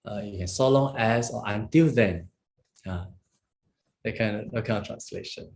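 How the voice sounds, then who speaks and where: A man's voice: lowish voice, normal speed, a little mellow. A man teaching Pali grammar, walking through each word and checking in with his listeners as he goes. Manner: explains step by step, checks in with "huh?" and "okay?".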